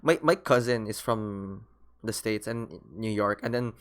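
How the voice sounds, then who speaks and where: Low-voiced young Filipino man telling stories. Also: unhurried. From Philippines. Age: young adult. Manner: animated storyteller, mixes Tagalog words. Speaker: podcast co-host. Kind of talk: casual chat.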